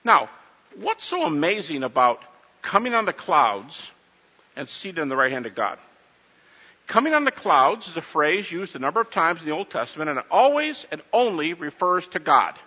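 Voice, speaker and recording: Animated, husky-voiced man lecturing in a hall. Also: fairly high pitch, moderate pace. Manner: animated, emphatic, asks the audience questions. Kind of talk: lecture on scripture to a live audience. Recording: dull audio in a reverberant hall.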